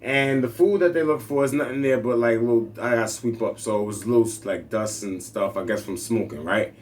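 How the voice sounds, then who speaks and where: A man's voice: mid-range voice, a little fast. Laid-back slangy man telling a story. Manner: laid-back, tags lines with "right?", slangy. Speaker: speaker. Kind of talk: casual storytelling monologue.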